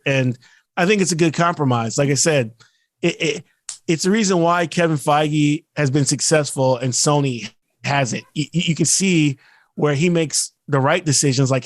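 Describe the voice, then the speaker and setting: A man's voice: on the high side, no room sound. A man co-hosting a podcast, ranting in casual chat and slipping into mocking put-on quotes. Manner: ranting, animated, mocks actors in quick put-on quotes. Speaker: podcast co-host.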